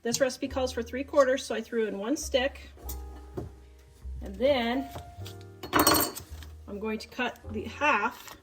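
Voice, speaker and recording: A woman's voice: on the high side, slow pace, long pauses, over music. A woman with a Kansas accent hosting a casual cooking demonstration in her home kitchen, chatty and joking, laughing often. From Kansas, USA. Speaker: cooking show host.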